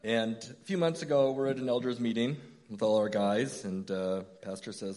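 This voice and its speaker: A man's voice: fairly low pitch, moderate pace, hardly any pauses, darkish tone. Conversational man in his fifties preaching. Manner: conversational, self-deprecating storytelling. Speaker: church elder preaching. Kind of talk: sermon.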